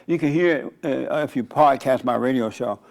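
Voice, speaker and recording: A man's voice: mid-range voice, moderate pace, creaky. A man, a pastor and radio host, giving a casual, conversational online sermon in a rambling storytelling way. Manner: rambling, storytelling, frequent restarts.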